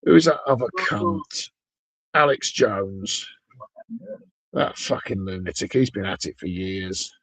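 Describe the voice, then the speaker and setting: A middle-aged British streamer rants in a casual, rambling way, swearing freely and drifting from one gripe to the next with sardonic asides. His voice is gravelly and a little husky, and the sound is close and dry with no room echo. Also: low voice, expressive, slow, long pauses, fairly bright tone.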